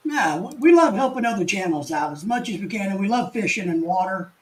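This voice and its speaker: Chatty older man with a high voice. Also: animated, fairly quick, low-quality recording. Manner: folksy, chatty, frequent restarts and chuckles. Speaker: live stream host. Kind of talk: casual live stream chat reading comments.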